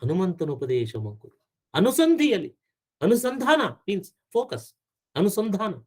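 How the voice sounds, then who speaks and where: A middle-aged lecturer speaks earnestly on management lessons drawn from scripture. He often repeats phrases for emphasis, and his fairly high voice swings through a very wide pitch range. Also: huge pitch swings, low-quality recording. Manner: rapid recitation of verse. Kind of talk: spiritual management talk.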